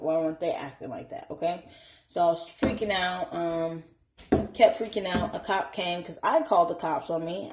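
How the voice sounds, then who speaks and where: A young woman with a fairly low voice vlogs at home in an echoey indoor room with background noise. She tells a candid personal story bluntly and profanely, acting out the voices of the people she quotes.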